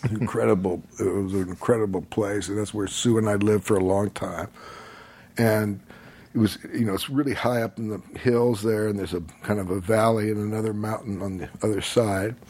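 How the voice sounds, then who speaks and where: A man telling a long personal story in casual chat, rambling and animated, often laughing as he talks. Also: fairly low pitch, normal speed, breathy edge.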